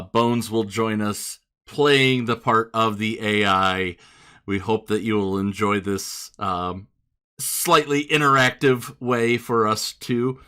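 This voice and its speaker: A man's voice: mid-range voice, bright, forceful tone. An American man with a northern accent hosting a podcast in easygoing casual chat. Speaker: podcast host.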